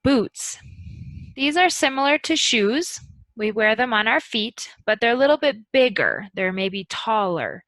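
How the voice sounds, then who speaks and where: A woman gives a slow, carefully paced English lesson with a bright, clear voice. She patiently models example questions and sentences. The sound is dry and close, with no room around it. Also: fairly high pitch, lively intonation, dry recording. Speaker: English teacher.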